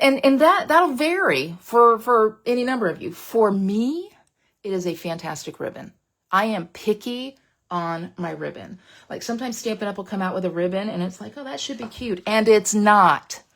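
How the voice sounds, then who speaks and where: Chatty woman with a gravelly voice. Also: medium pitch. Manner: chatty, playful and excitable, drops to gushing whispers. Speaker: papercraft demonstrator. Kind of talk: casual live craft demo.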